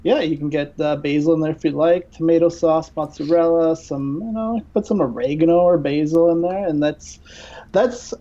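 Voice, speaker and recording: A man's voice: on the high side, normal speed, mellow, muffled recording. A man, a podcast guest, doing playful mock cooking-show patter, rambling with lots of restarts. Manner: jokey, rambling with many restarts.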